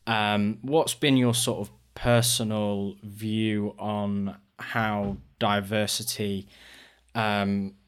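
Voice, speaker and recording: A man interviewing a guest in a casual podcast chat, relaxed, with loose phrasing and lots of "like". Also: fairly low pitch, very slow, clean tone.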